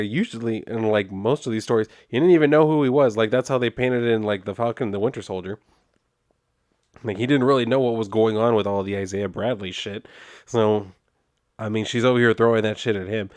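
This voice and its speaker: A man's voice: medium pitch, moderate pace, clean tone, no echo, clean studio sound. A man reviewing a comic book, recapping the plot in a loose, sarcastic and profane way and quoting the characters in a raised voice. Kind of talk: casual recap with commentary.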